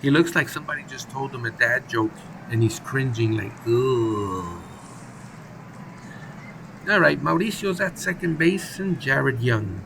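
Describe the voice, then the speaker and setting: Gravelly man calling a simulated ballgame. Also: medium pitch, normal speed, few pauses, background noise. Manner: playful, jokey, chatty commentary. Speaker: gaming channel host. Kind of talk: casual play-by-play of a baseball simulation game.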